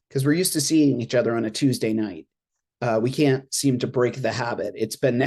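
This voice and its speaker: An interfaith minister talking casually on a panel from their apartment over a video call, chatty and expressive, laughing often. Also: medium pitch. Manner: chatty and expressive, laughs often, acts out reactions in quoted asides. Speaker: interfaith minister and board treasurer on an alumni panel. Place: at home in an apartment.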